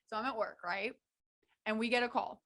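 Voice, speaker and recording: Young woman on a podcast, high voice, giggly storyteller doing everyone's lines. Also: fairly quick. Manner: animated storyteller, laughs often, acts out quotes. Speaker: podcast co-host. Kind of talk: casual chat, storytelling.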